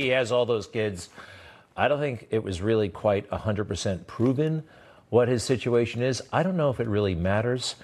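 A man's voice: lowish voice, normal speed, darkish tone. Sarcastic man hosting political commentary. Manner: sarcastic, emphatic, rhetorical questions. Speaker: commentary host.

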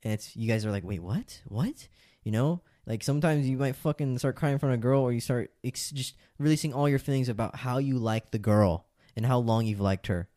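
A man's voice: medium pitch, fairly quick, few pauses, warm tone, dry recording, studio quality. A man giving blunt advice on a podcast and lecturing listeners directly in casual talk.

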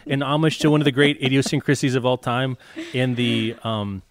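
A man's voice: medium pitch, steady tone, a little fast, no echo. A man co-hosting a casual book-discussion talk, wry and chatty, with many fillers and restarts. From not from the US South. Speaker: podcast co-host.

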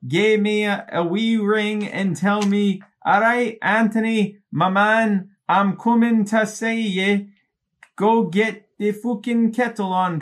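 A man's voice: sits high, pitched above the performer's own voice. A man doing a broad, hearty Scottish voice for a jolly letter writer, in a Scottish accent.

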